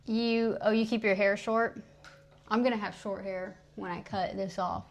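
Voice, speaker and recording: A woman's voice: mid-range voice, fairly even intonation, normal speed. A young woman streaming live, chatting casually and laughing at her own mistakes while she practices French phrases. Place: at home streaming. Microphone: streaming mic.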